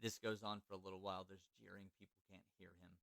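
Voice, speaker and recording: Low smooth-voiced man telling a history story. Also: little pitch movement, fast talker, a bit bright, no room sound. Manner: loose, filler-heavy, self-correcting. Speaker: podcast host. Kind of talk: casual storytelling chat.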